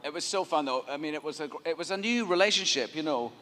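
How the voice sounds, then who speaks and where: A man's voice: on the high side, quick pace, bright, forceful tone. A man on a fan-convention panel, talking in an easygoing, jokey way. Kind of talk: relaxed panel talk. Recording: reverberant convention hall, crowd ambience.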